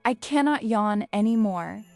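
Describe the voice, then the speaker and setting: A gentle young boy prince, curious and polite, who asks his questions with quiet wonder, voiced by a woman reading a storybook. His voice sits a little higher than hers, with faint music underneath. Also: lively intonation, unhurried, vocal fry.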